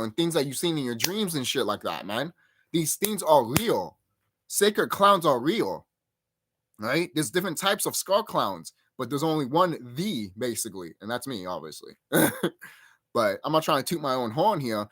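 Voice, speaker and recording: A man hosts his own channel and delivers an emphatic, profane rant in reaction to a clip. His voice swings widely in pitch as he pushes his points hard. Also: a bit bright. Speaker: channel host.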